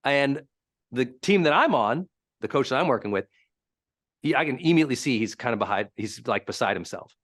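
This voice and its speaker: A man giving a live teaching talk as a high-performance coach, telling stories in an emphatic, animated way. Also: fairly quick.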